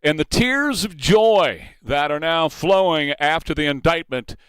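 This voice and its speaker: A man's voice: fairly high pitch, lively intonation, measured pace, a bit bright, clean tone, dry recording. A man hosting a morning talk radio show, enthusiastic and partisan, laughing often on a studio microphone.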